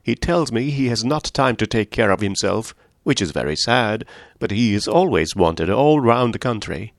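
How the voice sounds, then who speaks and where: A man voicing a fretful elderly gentleman who fusses anxiously over health. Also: on the low side, big pitch swings, moderate pace, no room sound, studio quality. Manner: anxious, fussing, gently scolding.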